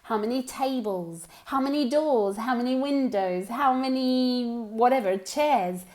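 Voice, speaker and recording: A woman teaching English, running slow pronunciation drills and exaggerating sounds so learners can hear them, with short explanations in Spanish. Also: a little high, a little mellow. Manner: exaggerates pronunciation and laughs at herself. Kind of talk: online language lesson with drills.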